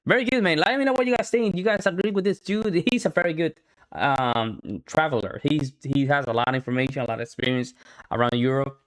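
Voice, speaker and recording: A man from the States gives casual reaction commentary. His voice sits a little higher than most men's. He talks in a loose, slangy way, throwing in plenty of "man" and "bro". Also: brisk. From United States. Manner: laid-back, slangy, calls listeners man and bro. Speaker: reaction video host.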